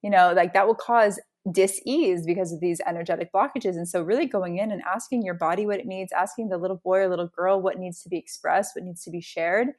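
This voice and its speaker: A woman's voice: fairly low pitch, brisk, hardly any pauses, darkish tone. A woman in a casual spiritual chat, talking emphatically and building intensity as she tells her stories. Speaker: podcast guest.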